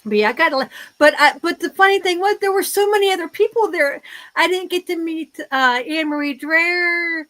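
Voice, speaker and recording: Excitable woman storyteller, high and bright, lots of restarts, close dry sound. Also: fairly quick, dry recording, rough recording. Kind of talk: casual chat.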